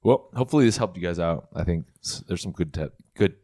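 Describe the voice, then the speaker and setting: Low-voiced male host, relaxed and friendly in casual talk. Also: fast. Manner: easygoing, hearty sign-offs. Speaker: podcast host. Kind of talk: casual chat.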